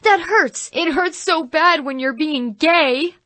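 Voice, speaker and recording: A woman's voice: slow, pushed and bright, no room sound, full character voice. A woman voicing a teenage boy actor in a cheesy morality play, whining and overacting. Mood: pained. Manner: high, whiny, overacted.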